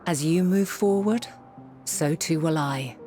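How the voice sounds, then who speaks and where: A woman voicing an ancient, wise and calm motherly figure in a game cutscene, speaking in a solemn, measured, formal way. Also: sits low. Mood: solemn resolve. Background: game score music.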